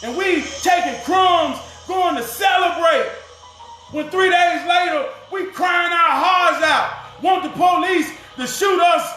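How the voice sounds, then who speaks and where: A man's voice: very high voice, takes it slowly, bright, forceful tone, echoey room, raised voice, soft background music. A man giving a fiery, profane, preaching rant to the camera.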